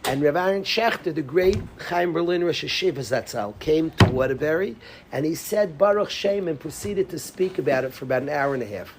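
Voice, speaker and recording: A man teaching a lively Torah class as a rabbi, calling on students by name and dropping to whispers. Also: a little high, brisk, background noise. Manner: animated, calls on students by name, drops to whispers.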